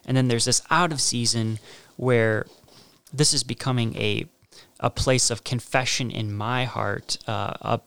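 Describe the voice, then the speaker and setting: A man giving an informal Bible teaching, reading scripture aloud and talking in a halting way, restarting and repeating words for emphasis. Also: mid-range voice, steady tone, a bit bright, smooth. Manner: reads scripture passages aloud.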